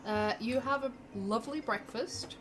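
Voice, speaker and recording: A woman narrating a tabletop game as game master, unhurried and full of fillers, laughing often. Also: on the high side, over music. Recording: noisy background hiss.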